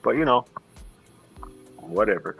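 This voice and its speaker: A middle-aged man chatting casually, telling animated stories and acting out what others said. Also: lowish voice, a little slow, creaky, breathy edge, faint music behind, poor audio. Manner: animated storyteller who acts out dialogue. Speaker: livestream co-host. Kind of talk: casual chat.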